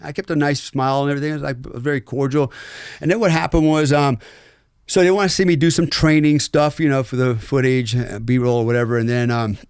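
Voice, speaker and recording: A middle-aged man from the United States, a podcast guest telling a story in a loose, animated, profane way and acting out the people he quotes. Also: medium pitch, brisk, clean tone, dry recording, studio quality. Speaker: podcast guest, former special forces operator. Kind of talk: casual storytelling interview.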